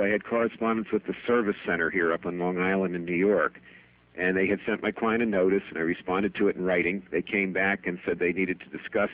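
Middle-aged accountant guest, chatty storyteller, low voice, phone-quality sound. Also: male voice. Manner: chatty, anecdotal, laughs at his own stories. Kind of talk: radio interview storytelling. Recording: tinny phone-band radio broadcast.

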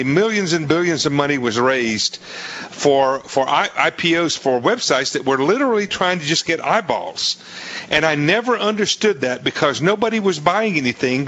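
A man's voice: a little high, pushed and bright. A man hosting a radio talk show, folksy and enthusiastic, rambling with frequent restarts.

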